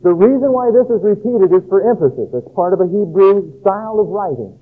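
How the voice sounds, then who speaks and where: A male pastor preaches with a rolling, rhythmic cadence, slipping into the voices of a crowd as he goes. His voice sits a little high. It comes through a thin, phone-like radio broadcast. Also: expressive, a little fast. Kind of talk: sermon.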